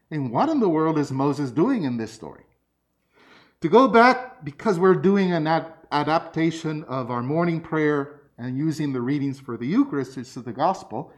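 A man preaching a sermon, telling personal stories. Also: fairly high pitch. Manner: lively storytelling, personal anecdotes.

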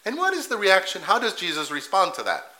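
A male preacher giving a sermon in church, animated, asking rhetorical questions and acting out quotes. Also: high voice, fairly quick, rough recording.

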